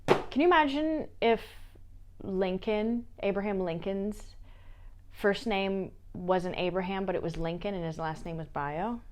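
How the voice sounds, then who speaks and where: A woman talks through her book pile in a relaxed, casual vlog. She is playful and drops jokey asides between books, in a voice of ordinary pitch. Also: unhurried. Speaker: book vlogger. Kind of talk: casual chat.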